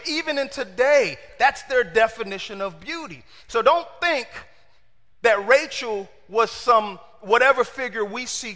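Animated preacher man in an echoing hall. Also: extremely high pitch. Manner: animated, asks the congregation questions, acts out quotes. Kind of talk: sermon.

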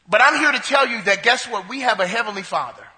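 A man delivers a sermon in a very high, ringing voice. He preaches emphatically, repeating phrases and rising to shouts. His voice trails into the long reverb of a large hall. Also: lively intonation, fast. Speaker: pastor.

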